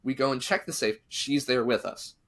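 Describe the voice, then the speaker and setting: A man's voice: medium pitch, normal speed. A man hosting a podcast, telling a spooky story in casual chat and acting out what the people in it said. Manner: animated, acts out quotes of the people in his story.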